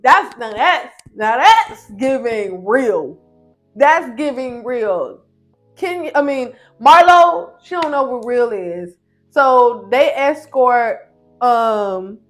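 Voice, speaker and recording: A woman reviewer giving a casual, opinionated recap of a reality show in slangy, animated speech. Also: on the high side.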